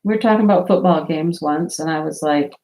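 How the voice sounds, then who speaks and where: A woman vlogger telling stories in a casual chat, animated and often laughing. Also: low-pitched, fairly quick.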